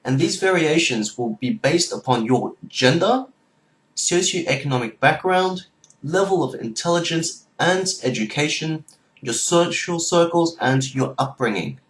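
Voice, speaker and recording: A man's voice: on the high side, animated, unhurried, a bit bright. A young Australian man explaining accents in a casual, earnest video talk. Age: young adult. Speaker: YouTuber and tutor. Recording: echoey room.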